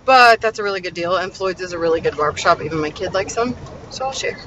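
A woman chatting excitedly in a casual vlog, gushing and upbeat, filmed on a phone indoors and outdoors. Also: lowish voice, fast, dull audio, background noise. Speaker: vlogger.

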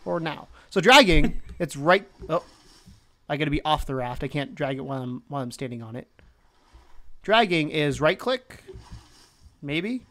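A young man in his twenties talks through a game in a loose, rambling way, narrating his moves aloud. His voice sits a little high for a man and breaks into chuckles between thoughts. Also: lively intonation, normal speed, pauses often, a bit bright. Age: 20s. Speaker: let's play host. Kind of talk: casual gameplay commentary.

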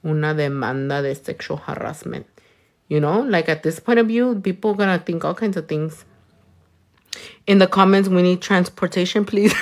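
A playful, bilingual nail tech chats casually on a livestream while doing nails, speaking at normal speed in a lowish voice. She switches between languages, keeps it crude and playful, and often laughs loudly.

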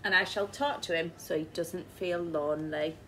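A woman reading aloud, voicing a brisk, determined elderly wife in a children's storybook. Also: fairly low pitch, steady tone, pushed and bright, a little hiss or hum, rough recording. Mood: firm.

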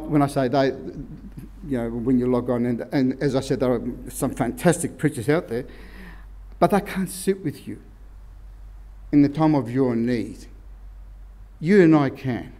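A man's voice: mid-range voice, warm tone. A man preaching an informal, rambling sermon and often restarting his sentences. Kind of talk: conversational sermon.

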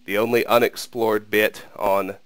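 A man hosting a game playthrough, talking through where to go next in a relaxed way. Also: on the low side, unhurried, no room sound. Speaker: let's play host.

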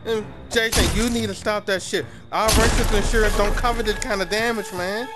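A man talking live to his teammates while gaming, excitable and panicky, joking and swearing a lot. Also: sits high, normal speed. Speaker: gamer. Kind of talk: live gameplay chat with teammates. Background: game music.

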